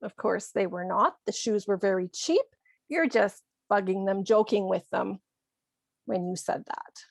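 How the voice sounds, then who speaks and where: A woman teaching an English lesson, explaining slowly and clearly and acting out short example lines. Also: medium pitch, dry recording, studio quality. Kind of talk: scripted ESL lesson.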